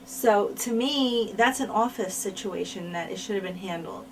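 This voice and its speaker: A woman tells her side of the story in a candid sit-down interview, leaning on repeated words to drive her points home. Her voice sits at an ordinary middle pitch. The mic is set a little away from her, with a faint hiss underneath. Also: moderate pace. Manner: frank, repeats words for emphasis. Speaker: interviewee, former wrestler. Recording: mic at a distance, faint noise.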